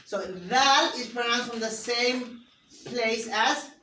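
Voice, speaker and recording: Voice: mid-range voice, steady tone, slow pace, pushed and bright, slight background noise. A teacher giving an interactive lesson to a class, patiently asking pupils questions and modelling sounds for them to repeat. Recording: roomy classroom picked up from a distance.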